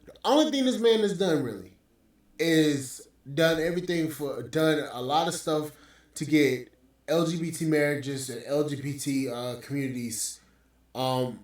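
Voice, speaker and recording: Heard from a distant mic in a very reverberant room, a male podcast host with a mid-range voice rants at a moderate pace. His commentary is scornful and profane.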